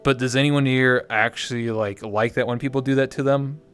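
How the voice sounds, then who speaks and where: Male stream host, average pitch, loose jokey chat, faint music under him. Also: fairly even intonation, normal speed, a bit bright, clean tone. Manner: rambling, jokey. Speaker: livestream host. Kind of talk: casual chat.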